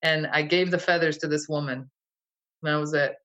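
A woman's voice: low-pitched, fairly even intonation, fairly quick, fairly bright tone, rough recording. A woman recounting a vivid dream to an interviewer in a casual, rambling way, full of fillers and restarts. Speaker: guest. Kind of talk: casual storytelling.

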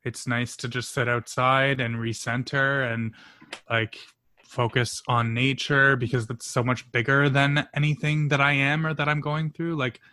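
A man's voice: mid-range voice, flat delivery, unhurried, bright, forceful tone, slight background noise. A man co-hosting a podcast, talking in an earnest, reflective way with casual swearing. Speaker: podcast co-host. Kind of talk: casual chat.

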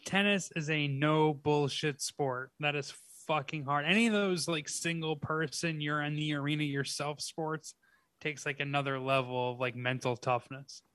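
A man's voice: fairly high pitch, fairly even intonation, normal speed, fairly bright tone, no echo. A man chatting casually with a co-host, blunt and profane, filling his sentences with "like" as he thinks aloud. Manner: blunt, profane, hedging with fillers. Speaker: podcast co-host. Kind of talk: casual chat.

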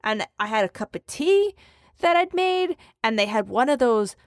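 A woman co-hosting a podcast in casual chat, telling stories in an animated, profane way. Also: a little high, moderate pace, no echo, clean studio sound. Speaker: podcast co-host.

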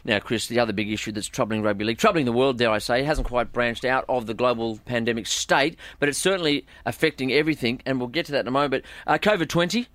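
A man's voice: mid-range voice, fast, hardly any pauses, fairly bright tone, no echo. A man co-hosting a comedic sports podcast in a mock-earnest, ironic manner. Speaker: podcast co-host.

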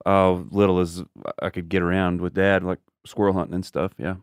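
A man, a guest on a podcast, answering in laid-back, halting casual chat. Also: low-pitched, flat delivery, smooth, no echo, clean studio sound. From southeastern Oklahoma. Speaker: guest musician.

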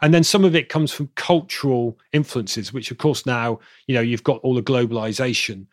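A man's voice: mid-range voice, moderate pace, no room sound. English guy w/ a southern accent rambling thru an explanation, restarts a lot, dry close sound. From Bristol, England. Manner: rambling, self-correcting explainer. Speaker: expert guest. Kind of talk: explanatory interview answers.

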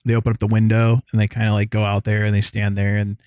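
Excitable, swearing man. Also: on the low side, fast talker, no room sound, studio quality. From American South. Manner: profane, excitable, rambling. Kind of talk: casual chat.

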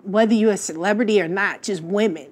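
A woman's voice: mid-range voice, fast talker. Middle-aged woman telling a heartfelt story. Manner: emotional, lively storytelling with voiced quotes of her late husband. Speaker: guest. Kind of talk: casual heartfelt talk show conversation.

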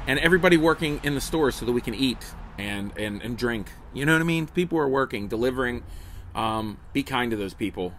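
A middle-aged comedian rambles jokily to his viewers, full of asides and restarts. His voice is bright and forceful. It is a phone recording made outdoors, with faint traffic behind him. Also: medium pitch, expressive, fairly quick. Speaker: comedian hosting a daily livestream. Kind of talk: casual chat to viewers. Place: outdoors at a table beside a house. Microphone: phone on camera.

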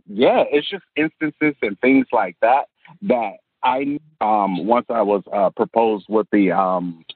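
Wrestler-commentator guest, husky and chatty, dry tinny phone audio. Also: male voice, on the low side, no echo. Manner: rambling, laughs often, many fillers and restarts. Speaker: professional wrestler and color commentator. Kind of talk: casual interview chat. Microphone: phone or call line.

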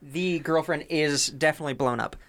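A man's voice: a little high, a little fast, fairly bright tone. A man co-hosting a podcast in casual chat, playful and laughing often. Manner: giggly, playful. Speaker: podcast co-host.

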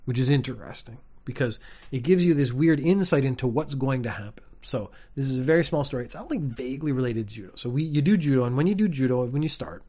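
A young man, rambling through a casual comedic monologue with wry, deadpan asides. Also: medium pitch. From Canada.

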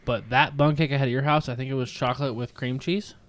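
A man's voice: medium pitch, steady tone, fast talker, a bit bright, dry recording. A man in his thirties chatting casually as a podcast host, rambling and swearing through his stories. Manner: profane, rambling storyteller. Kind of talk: casual chat.

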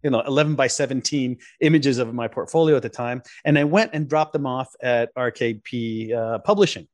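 Guy on a podcast rambling thru a story, lots of uh and restarts, mid pitch voice. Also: fairly quick, no room sound. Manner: rambling, full of restarts and fillers, lively impressions. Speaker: podcast guest, photographer. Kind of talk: casual interview storytelling.

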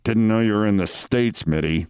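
A man reading as a gruff, grumbling older male specialist doctor. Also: lowish voice, normal speed, no echo, studio quality, natural voice.

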